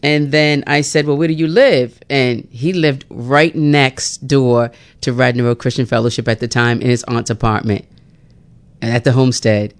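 A woman host telling a personal story in a casual chat, lively and laughing often, with many fillers. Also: extremely low pitch, moderate pace, clean tone.

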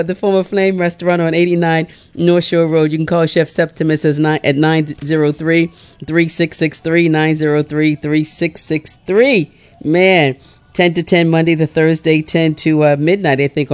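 A smooth-voiced radio morning host, talking casually and animatedly into a studio mic. Plenty of fillers and asides as the host greets listeners and leads a short devotional. Mid-range pitch, clean and resonant. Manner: chatty and animated, with many fillers.

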